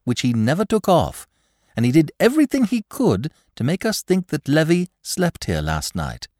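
A breezy, whimsical gentleman sleuth with a raised, lively voice that leaps about theatrically, as a man reads him. He sounds quick and airy, recorded in a dry, close space. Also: mid-range voice, no room sound, voice pushed up. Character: flippant aristocratic young male sleuth.

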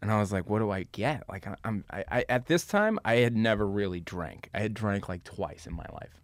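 Man, thirties, very low pitch, dry sound, casual storyteller, fillers, laughs. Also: lively intonation, a little fast, no room sound. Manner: laughing, rambling anecdotes with many fillers. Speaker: podcast guest.

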